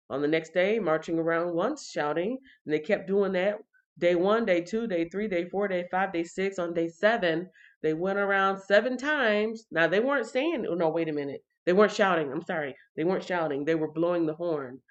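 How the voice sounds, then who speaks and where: A woman reads and chats through a casual livestream Bible reading, speaking straight to her viewers. Her voice sits a little low. The sound is dull and lo-fi, like a home livestream mic. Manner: chatty, talks straight to chat viewers. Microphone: computer or phone mic on a livestream.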